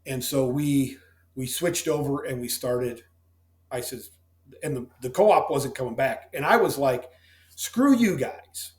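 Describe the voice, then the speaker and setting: Man, middle-aged, plainspoken farmer, heartfelt interview storytelling, mid-pitched, echoey room. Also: unhurried. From Missouri. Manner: plainspoken and folksy. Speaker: dairy farmer guest. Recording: roomy echo.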